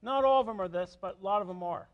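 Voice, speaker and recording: In a lecture hall, a middle-aged man teaches university biology, explaining things step by step, asking students questions, and often checking in with "okay?". His voice sits high and he talks fast, though the recording is muffled.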